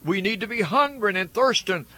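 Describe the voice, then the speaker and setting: Earnest radio preacher man, high bright voice. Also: animated, fairly quick. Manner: earnest, repetitive preaching cadence. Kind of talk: radio sermon.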